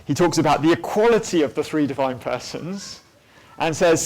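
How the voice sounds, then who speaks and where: A man's voice: on the high side, expressive, normal speed, darkish tone. A man giving a church teaching talk on theology, thoughtful and unscripted, with frequent ums and restarts. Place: church hall at a weekend away.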